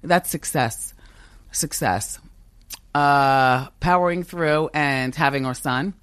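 A woman's voice: low voice, takes it slowly, clear, resonant tone, no echo. A middle-aged woman talking as a guest in a podcast interview, with a strong, confident voice and frequent laughter. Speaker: talk show host as guest. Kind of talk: casual interview chat. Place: podcast studio.

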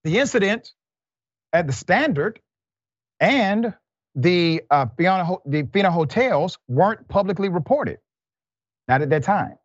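A man's voice: sits high, expressive, a little slow, long pauses, no echo. A man hosting a news commentary show, reading reports aloud and breaking into exasperated asides. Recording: dull, muffled, lo-fi sound.

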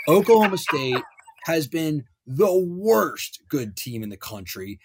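A man co-hosting a casual sports betting chat, ranting in an animated, hyperbolic way. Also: fairly high pitch, a little hiss or hum. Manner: animated, hyperbolic, rapid rants. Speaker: sports podcast co-host.

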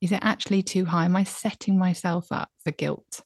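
A woman in her thirties, a podcast guest giving candid, reflective advice, animated when she recounts her own moments. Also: on the low side, a little fast, husky, dry recording, studio quality.

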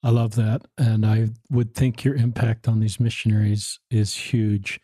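A man hosting a podcast, asking measured, gently probing questions. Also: lowish voice, flat delivery, no echo, clean studio sound. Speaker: podcast host. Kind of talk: interview questions.

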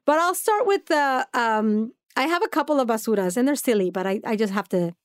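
Woman podcast co-host, high-pitched, dry close sound, animated storyteller who laughs a lot. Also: fairly quick, no echo. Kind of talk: casual chat.

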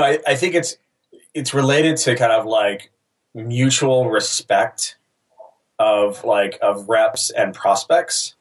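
A man who founded a sales company, telling a story hesitantly with many fillers. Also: fairly low pitch. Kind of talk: casual storytelling. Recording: voice a bit far from the mic.

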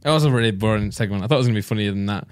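A man co-hosting a podcast, chatting casually in a quick-witted, jokey way. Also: fairly low pitch, smooth, dry recording, studio quality. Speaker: podcast co-host, YouTuber. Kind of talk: casual chat.

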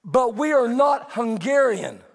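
A middle-aged man preaching a sermon as a pastor, telling stories in an animated, conversational way. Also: extremely high pitch, unhurried, gravelly. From Texas. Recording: long hall reverb.

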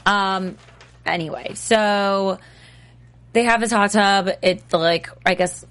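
A woman's voice: mid-range voice, steady tone, slow, fairly bright tone. A woman hosting a casual TV recap chat, bubbly and laughing often. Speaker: host.

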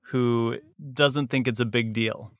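A man hosting a podcast in casual chat, playful and quick to laugh. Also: medium pitch, fairly even intonation, dry recording, studio quality. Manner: playful, laughs often, acts out quotes. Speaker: podcast host.

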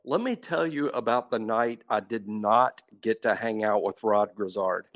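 A man's voice: fairly low pitch, measured pace, a bit bright. A man co-hosting a podcast, chatting casually with wry, self-deprecating quips. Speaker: podcast co-host. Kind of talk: casual chat.

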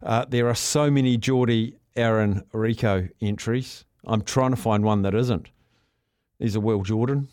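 A man's voice: on the low side, unhurried, a little mellow, no room sound, studio quality. A man with a New Zealand accent hosting casual sports talkback radio, laid-back and jokey as he reads out listener entries. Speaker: radio host. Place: radio studio.

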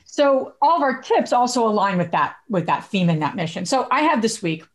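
Woman podcast host, chatty, lots of likes, laughs mid sentence, mid-pitched voice. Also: very animated, brisk. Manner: chatty, many likes, laughs while talking. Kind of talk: casual chat.

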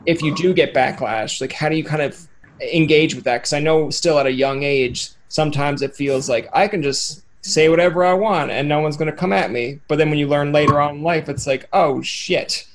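A man's voice: fairly high pitch, a little fast, a little hiss or hum. A man hosting a casual interview, rambling and joking, often acting out other people's voices. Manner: rambling, jokey, acts out quoted voices. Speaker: podcast host.

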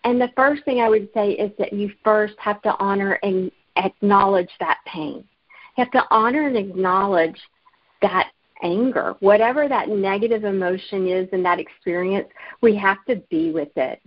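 A woman's voice: medium pitch, normal speed, no echo. Earnest woman author from Alabama, lo-fi. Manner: earnest, storytelling, laughs easily. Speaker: author and guest. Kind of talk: interview conversation. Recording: muffled lo-fi remote audio.

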